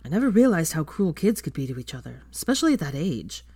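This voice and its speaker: A woman voicing a patient father who speaks firmly and measured to children. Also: sits low, big pitch swings, warm tone, breathy edge, no echo, heavily acted. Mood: weary. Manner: firm and measured. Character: patient firm young dad, man.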